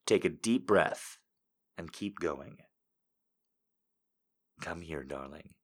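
A man putting on a deep, murmuring seductive lover. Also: lively intonation, takes it slowly, husky, exaggerated voice. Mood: sultry. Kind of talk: reading viewer quotes in a put-on voice.

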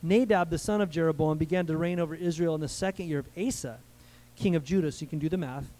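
A man's voice: on the high side, fast talker, warm tone, rough recording. A man preaching a conversational sermon from the United States, asking his listeners questions and calling for amens. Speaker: pastor.

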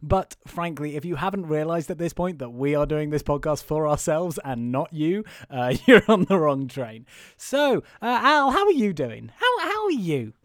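Excitable, laughing podcast host. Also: male voice, fairly high pitch, moderate pace, hardly any pauses, dry recording, clean studio sound. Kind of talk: casual podcast chat.

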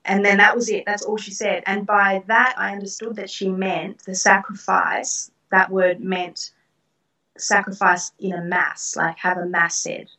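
A middle-aged woman recounts personal experiences in an interview, earnest and reflective, with soft laughs. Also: medium pitch, flat delivery, unhurried. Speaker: guest. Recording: roomy, distant from the mic.

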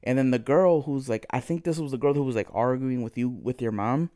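A man's voice: mid-range voice, a little fast, warm tone. A man retelling a story in casual chat, swearing freely and acting out quoted dialogue.

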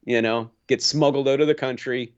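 A man's voice: mid-range voice, moderate pace, clean tone, lo-fi sound. A man co-hosting a hockey podcast, chatting casually and rambling through stories with lots of restarts. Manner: rambling, animated, many restarts. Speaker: podcast co-host. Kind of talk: casual chat.

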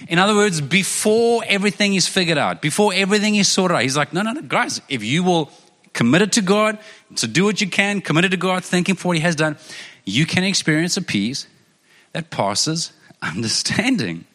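A man's voice: high voice, expressive, a little fast, a bit bright, long reverb tail. A man preaching as a pastor, earnest and conversational, often repeating phrases for emphasis. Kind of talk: sermon.

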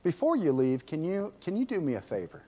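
A man voicing a calm, patient male preacher who asks gentle questions. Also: a little high, fairly quick.

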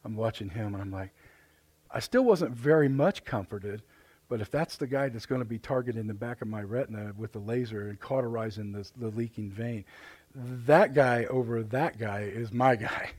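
A middle-aged man with a Midwestern American accent preaching a live sermon in church, animated and joking, often repeating his words. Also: medium pitch, normal speed, no echo. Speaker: pastor. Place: church sanctuary.

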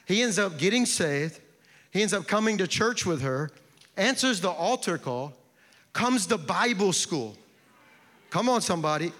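A man's voice: sits high, lively intonation, unhurried, fairly bright tone, some chatter behind. A man preaching a sermon as pastor, impassioned, with repeated refrains. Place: large church sanctuary. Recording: long church hall reverb.

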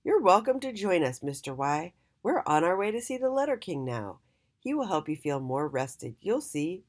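A woman's voice: on the low side, very animated, normal speed. A woman voicing the P twins, a pair of sweet, lonely talking letters in a children's storybook. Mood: eager. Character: sad lonely twin letters, sweet and eager.

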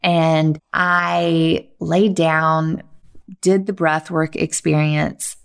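A middle-aged woman, a podcast host, telling a personal story in an earnest, animated way, full of "like" fillers. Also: low voice, very slow, creaky, clean tone.

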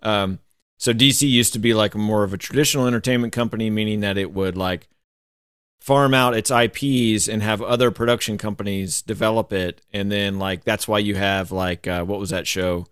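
A man with a fairly low voice rambles through his point on a podcast, stopping often for fillers. The sound is close and dry, with no room around it. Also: fairly even intonation, normal speed, fairly bright tone, clean tone, no room sound. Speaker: podcast co-host. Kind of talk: casual chat.

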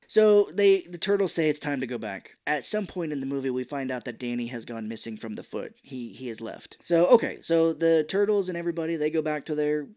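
A man's voice: on the high side, brisk, a little mellow. A man co-hosting a podcast, chatting casually as he recaps a movie, rambling and swearing offhand. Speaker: podcast co-host.

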